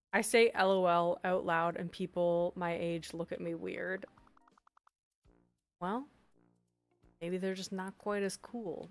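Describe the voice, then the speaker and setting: A woman's voice: fairly low pitch, steady tone, slow, pauses often. A woman live-streaming as she works on game designs, chatting casually with her chat, reading messages aloud and laughing often. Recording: faint background music.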